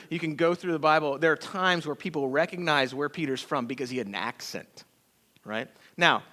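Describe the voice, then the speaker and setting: A man preaching a sermon as pastor, telling stories in a folksy, animated way with acted-out quotes. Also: a little high. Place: church sanctuary.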